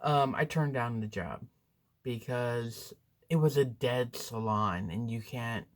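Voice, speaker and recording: A woman vlogger telling a story to camera in a chatty, rambling, animated way. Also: rumbling low, slow.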